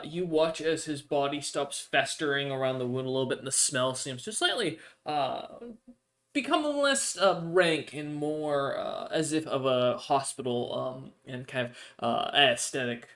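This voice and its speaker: A man's voice: a little high, a bit bright. Hesitant man game master. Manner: hesitant, with many fillers. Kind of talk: narrating a tabletop game.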